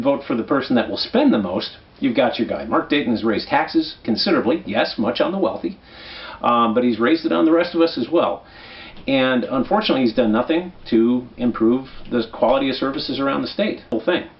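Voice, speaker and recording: A man's voice: medium pitch, lo-fi sound. A man from Minnesota hosting a comic election guide, talking in a conversational, persuasive way and often checking in with "right?". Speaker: political commentary host.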